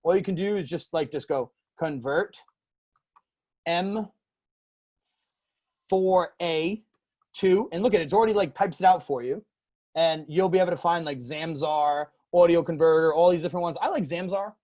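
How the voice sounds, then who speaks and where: A man hosting a casual screen-share software tutorial, loose and rambling, full of fillers. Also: on the high side, normal speed, long pauses.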